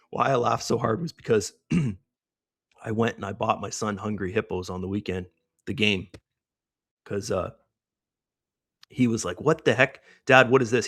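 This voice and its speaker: A chatty middle-aged man talks through his trades on a live stream with a lowish voice. He keeps tossing in "right?" as he goes, and the sound is dry and close. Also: steady tone, measured pace, long pauses, a bit bright, no echo. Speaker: trading stream host. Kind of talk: live trading commentary.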